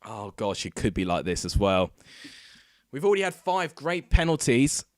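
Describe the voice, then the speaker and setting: A man hosting a football watchalong, giving excitable live commentary into a desk microphone and breaking into shouts at big moments. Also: medium pitch, normal speed, dry recording, clean studio sound. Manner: excitable, erupting into shouts at goals.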